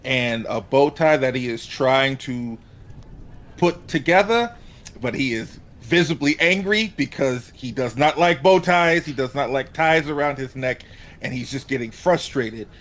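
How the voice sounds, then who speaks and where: A man playing a tabletop game who talks quickly and stammers. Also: mid-range voice, animated, a bit bright. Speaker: player.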